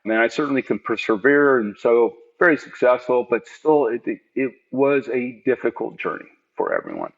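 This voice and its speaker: A man's voice: mid-range voice, normal speed, creaky, hardly any pauses. A middle-aged man, a podcast guest, tells earnest, reflective stories of his working life in a conversational interview from home. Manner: earnest, reflective, animated storyteller. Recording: dull lo-fi remote audio.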